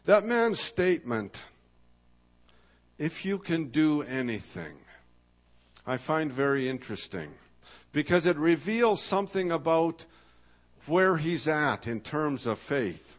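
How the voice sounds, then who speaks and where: A man preaching a sermon in a thoughtful, searching way, slowing down to stress key words and asking rhetorical questions. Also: medium pitch, expressive. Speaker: pastor.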